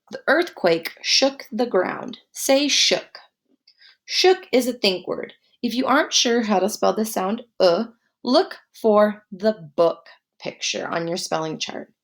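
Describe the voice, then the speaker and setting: Slow, gravelly-voiced spelling teacher woman. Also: medium pitch. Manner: slow, deliberate dictation, spelling words letter by letter. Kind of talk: guided spelling lesson.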